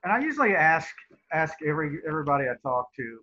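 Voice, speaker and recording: Man, interview host, slightly high voice, hesitant, friendly, dull lo-fi audio. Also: big pitch swings, quick pace, bright, forceful tone. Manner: hesitant, friendly, lots of fillers. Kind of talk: casual interview.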